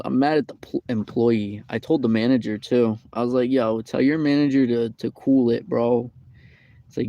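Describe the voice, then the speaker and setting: A man plays a grumpy, real-life take on a famous hedgehog, ranting in an aggrieved, rambling comedy bit. His voice is gravelly and mellow. The sound is dry and close. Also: mid-range voice, no room sound, highs cut off, close to an everyday voice. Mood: indignant. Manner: rambling, aggrieved, repetitive complaining. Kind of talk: improvised comedic rant.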